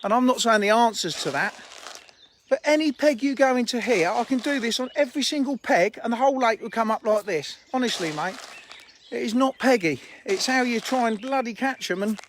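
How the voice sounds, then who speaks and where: A man's voice: very high voice, lively intonation, a little fast, slight background noise. A fishery owner chatting informally on a live stream while walking round his lake, holding his phone, with faint birdsong outdoors. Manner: chatty, laughing, blunt and informal. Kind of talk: live-streamed lakeside walk and chat. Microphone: handheld phone.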